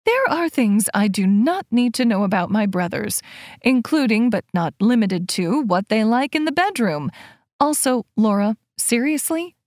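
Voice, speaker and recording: Woman voicing a squealing excitable young novelist. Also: measured pace, no echo, studio quality. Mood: squeamish, excited. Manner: high squealing outbursts.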